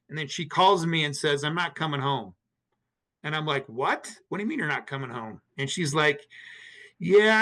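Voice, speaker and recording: A man with a somewhat high, bright and forceful voice tells a painful personal story as a podcast guest. He speaks earnestly, restarting phrases often and slipping into quoted dialogue. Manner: earnest, emotional retelling with many restarts and acted quotes.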